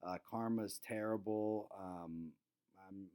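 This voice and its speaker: A man's voice: on the low side, takes it slowly, warm tone, smooth. A young man hosting a casual fantasy football recap, laid-back, with lots of ums and fillers. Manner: laid-back, lots of ums, quotes friends in raised voices. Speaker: fantasy football league host.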